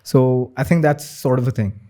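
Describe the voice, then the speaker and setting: A man's voice: medium pitch, moderate pace, warm tone. A young man with an Indian accent chatting as a podcast guest, leaning heavily on "you know" and filler. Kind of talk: casual chat.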